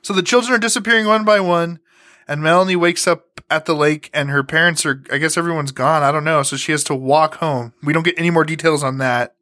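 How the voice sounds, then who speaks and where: A man's voice: on the high side, steady tone, brisk, sharp tone. A man co-hosting a casual podcast, retelling an alien encounter story with swearing and laughter. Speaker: podcast co-host.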